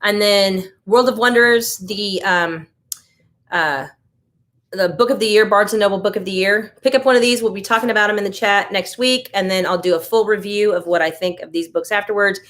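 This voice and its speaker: A woman's voice: medium pitch, moderate pace, fairly bright tone. An American woman hosting a casual live stream, chatting loosely and reacting to viewer comments as she goes. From United States. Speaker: livestream host.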